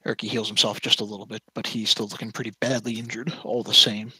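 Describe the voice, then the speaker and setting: A man narrates a tabletop game as game master over online voice chat. He is hesitant and keeps correcting himself on the rules. His voice sits low and sounds bright and husky, in a dry, close recording. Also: flat delivery, quick pace, no room sound, low-quality recording.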